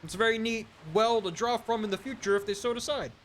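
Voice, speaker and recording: A man's voice: sits high, steady tone, fast talker, a bit bright, a little hiss or hum, voice pushed up. A man voicing a chatty male hand puppet who muses on game lore in a rambling, hesitant way. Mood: musing. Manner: rambling and hesitant, full of ums and restarts. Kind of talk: casual game stream banter.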